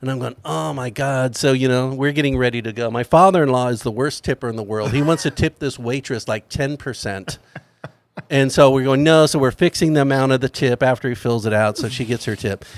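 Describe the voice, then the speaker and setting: A man's voice: medium pitch, fairly quick, no room sound. A middle-aged man on a podcast, telling a family story in casual chat and acting out the quoted lines. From California. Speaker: podcast host.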